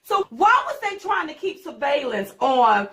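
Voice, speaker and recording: A woman's voice: high-pitched, big pitch swings, a little slow, a bit bright. A woman co-hosting a political commentary show, talking emphatically, repeating words and asking rhetorical questions. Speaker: co-host.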